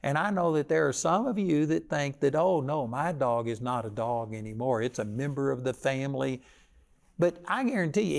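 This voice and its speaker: A man's voice: on the high side, gravelly, darkish tone. An older man preaching a sermon with folksy stories and a plain, conversational delivery.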